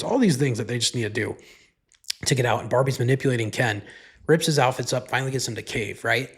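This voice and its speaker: A man hosts his own podcast in a loose, rambling monologue. His voice is a little husky and sits at an ordinary pitch. He swears freely and fills his sentences with "like.". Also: brisk. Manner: rambling, profane, heavy use of "like". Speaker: podcast host. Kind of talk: casual solo podcast monologue.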